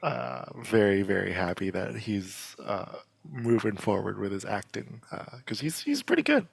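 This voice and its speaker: A man's voice: lowish voice, big pitch swings, normal speed, vocal fry, breathy edge, dry recording. A man hosting a casual podcast chat, talking with enthusiasm and lots of fillers and restarts. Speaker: podcast host.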